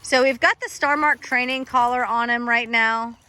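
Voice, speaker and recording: A woman's voice: a little high, steady tone, moderate pace, sharp tone. A woman dog trainer coaching a trainee in an encouraging, instructive way.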